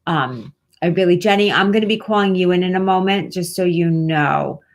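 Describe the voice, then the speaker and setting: Woman host, low voice, casual live-stream chat, reassuring, rambling. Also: normal speed. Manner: warm-hearted, reassuring, rambling with many fillers. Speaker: host and pet medium.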